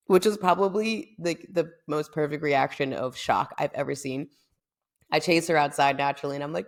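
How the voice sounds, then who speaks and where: A young woman from the United States tells a story on her podcast in a chatty, animated way. Her voice sits low and has plenty of gravelly vocal fry. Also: normal speed. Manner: chatty, animated, lots of fillers. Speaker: podcast host. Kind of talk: casual storytelling.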